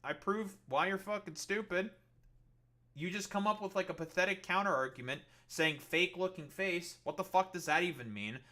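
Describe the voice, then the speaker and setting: A man on a live stream, swearing constantly and mocking the people in his chat. His voice sits high for a man and has a bright, cutting edge. He talks straight into a desk mic. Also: moderate pace. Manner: profane, combative, mocking. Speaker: political streamer. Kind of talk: livestream argument with chat.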